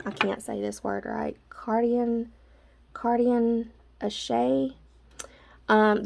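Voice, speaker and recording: A woman's voice: on the high side, creaky, noisy background. A woman casually showing her drawing supplies in a vlog, chatty and a little out of breath, with lots of filler words. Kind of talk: casual show-and-tell vlog.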